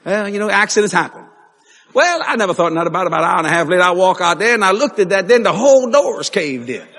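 A man preaching a sermon, telling stories animatedly with laughs and sudden shouts. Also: high voice, big pitch swings, very fast. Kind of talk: sermon storytelling. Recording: long hall reverb.

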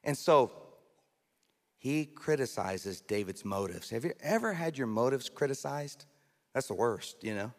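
A man preaching a sermon as a pastor, lively and conversational, often slipping into mock voices and asides. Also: medium pitch, a little slow. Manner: animated, acts out mocking voices, conversational asides. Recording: long hall reverb.

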